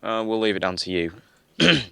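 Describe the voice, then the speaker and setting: A man's voice: lowish voice, very animated, moderate pace, gravelly, a bit bright, smooth, no room sound. A man chatting casually on a gaming live stream, rambling with lots of fillers and restarts. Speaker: guest gamer.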